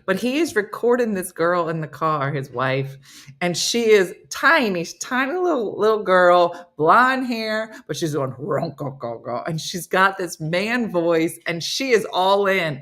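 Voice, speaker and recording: A middle-aged woman hosting a morning comedy show, chatting casually and telling animated funny stories. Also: measured pace. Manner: animated storytelling, mimics voices in low growls.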